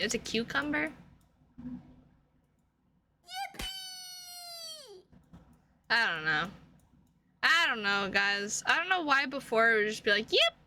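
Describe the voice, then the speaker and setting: A woman's voice: a little high, bright, forceful tone, a little hiss or hum. A woman streaming a visual novel game, chatting casually in a goofy, rambling way with plenty of jokes. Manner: goofy, rambling, jokey, lots of laughing. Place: home room.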